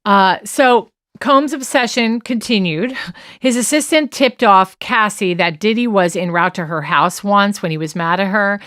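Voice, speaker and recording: A woman's voice: mid-range voice, unhurried, a bit bright, dry recording, studio quality. A woman co-hosting a casual true-crime podcast, animatedly retelling events with restarts and quoting texts in a raised voice. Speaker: podcast co-host.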